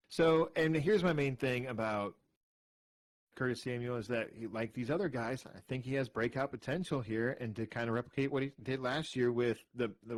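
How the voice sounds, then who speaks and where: A tired man co-hosting a casual sports podcast, rambling and restarting as he argues his picks. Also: mid-range voice. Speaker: podcast co-host. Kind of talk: casual fantasy football chat.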